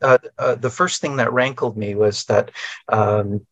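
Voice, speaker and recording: A man talking as a podcast guest in casual conversation, rambling and halting and often restarting his sentences. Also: medium pitch, steady tone, a bit bright, dry recording, lo-fi sound.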